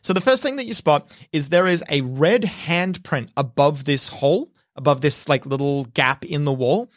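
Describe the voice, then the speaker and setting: A game master narrating a tabletop horror game in a measured, descriptive way, slowing down for suspense. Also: mid-range voice, expressive, dry recording, studio quality.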